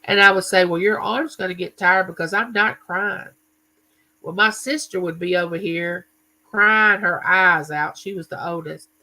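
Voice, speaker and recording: A man's voice: high-pitched, normal speed, bright, forceful tone, rough recording. Chatty man hosting a live chat. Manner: chatty, tells stories and greets viewers by name. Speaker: livestream host. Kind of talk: casual livestream chat.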